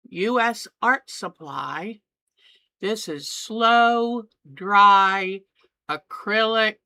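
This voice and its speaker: Craft lady talking slow and chatty, kinda bright sharp tone, eager to show stuff. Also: fairly low pitch, no echo. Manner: chatty, eager, trails off mid-sentence. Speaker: craft channel host. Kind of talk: casual crafting tutorial.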